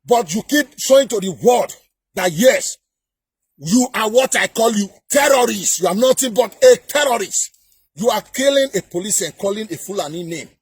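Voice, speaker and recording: A man with a Nigerian accent delivering a heated political rant to camera, repeating himself and often shouting. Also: high-pitched, lively intonation, normal speed, breathy edge. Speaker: political commentator.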